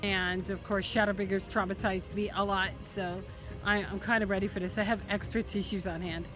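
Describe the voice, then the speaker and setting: A young woman streams a game and talks to her chat in a chatty, earnest way. Her voice sits at an ordinary mid pitch, with faint game music under her. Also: level tone, moderate pace. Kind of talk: casual live-stream chat.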